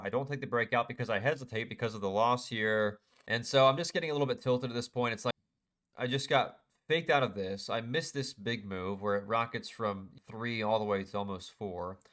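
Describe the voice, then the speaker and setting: A man's voice: mid-range voice, a bit bright. A young man casually recapping his trading day over a chart, self-critical and frustrated as he talks through his mistakes. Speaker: day trader. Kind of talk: casual screen-share trade recap.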